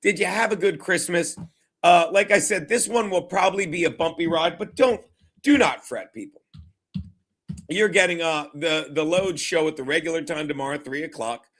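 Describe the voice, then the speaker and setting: A man's voice: fairly high pitch, moderate pace, a bit bright. A man hosting a casual sports talk show, rambling and jokey with lots of swearing.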